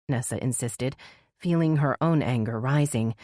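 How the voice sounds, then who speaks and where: A woman narrating a mystery audiobook in a measured, even storytelling manner. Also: extremely low pitch, dry recording, studio quality. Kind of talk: scripted narration.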